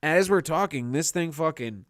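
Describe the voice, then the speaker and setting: A young man telling a story in casual chat, animated and swearing freely, acting out the voices of people in it. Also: fairly high pitch, normal speed, no echo, studio quality. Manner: animated, swearing often, acts out quoted voices. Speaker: podcast co-host telling a story.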